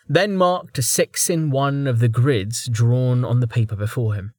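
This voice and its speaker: Measured male audiobook narrator, dry sound. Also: mid-range voice, a little mellow, no room sound.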